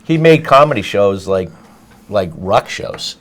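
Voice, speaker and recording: A man's voice: on the low side, expressive, unhurried. A middle-aged man telling a rambling story in casual chat, full of restarts and asides. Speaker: guest storyteller.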